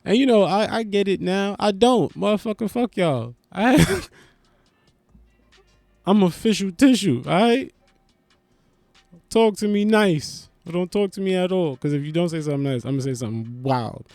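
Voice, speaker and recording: A man hosting a podcast, riffing in a loose, profane, animated comic monologue. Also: high-pitched, normal speed, no room sound, soft background music. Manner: loose, animated, profane, swings into loud bursts. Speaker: podcast host. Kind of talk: casual comedic monologue.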